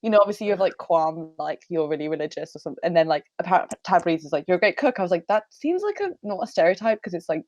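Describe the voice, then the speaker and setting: Brief: young woman, slightly low voice, chatty podcast guest, laughs a lot, dry recording. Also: very fast, few pauses, darkish tone, dry recording, dull audio. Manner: chatty, laughs often, quotes relatives in playful voices. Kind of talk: casual chat.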